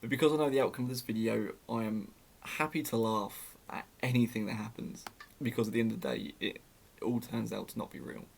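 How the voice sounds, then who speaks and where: A man's voice: fairly low pitch, steady tone, brisk, gravelly, a little hiss or hum. A young man telling a story in a casual, sarcastic way, often laughing at it.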